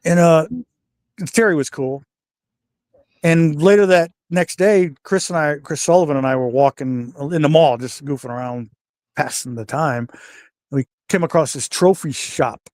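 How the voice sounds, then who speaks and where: A man's voice: on the high side, normal speed, no room sound, clean studio sound. A man, a retired pro wrestler and interview guest, telling stories in casual talk and acting out the voices of the people he quotes. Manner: animated storyteller, voices the people he quotes, swears freely.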